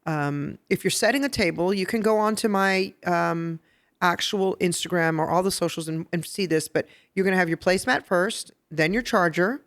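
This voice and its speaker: A woman hosting a podcast who teaches etiquette step by step, checking in with "okay?" and getting lively and laughing when she tells stories. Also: on the low side, normal speed. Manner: instructive, explains step by step with "okay?" and "right?". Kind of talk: casual podcast chat. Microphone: podcast microphone.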